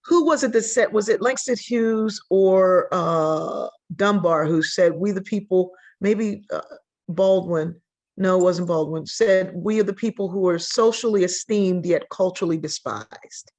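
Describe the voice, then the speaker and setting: An older woman, a sociologist appearing as a podcast guest, tells stories at a measured pace in a lowish voice. She is animated and acts out the voices of the people she quotes.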